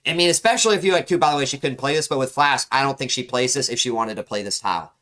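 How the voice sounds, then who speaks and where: A man's voice: medium pitch, racing, sharp tone. A young man coaching a player through a match replay, instructive and emphatic, often repeating key words for stress. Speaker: game coach reviewing a match. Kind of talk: analytical gameplay commentary.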